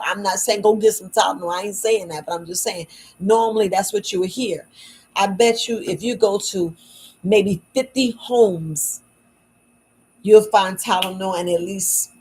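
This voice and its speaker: Tired husky woman talking low. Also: unhurried, warm tone, poor audio. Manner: low-voiced, repetitive and emphatic, folksy speech. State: tired, worn out. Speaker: herbal shop owner selling wellness patches. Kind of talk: casual late-night livestream talk. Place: at home at night.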